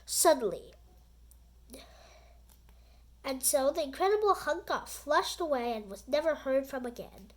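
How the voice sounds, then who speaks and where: Woman reading aloud, high and lively, storytelling for kids. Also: moderate pace. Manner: animated and expressive. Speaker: children's book reader.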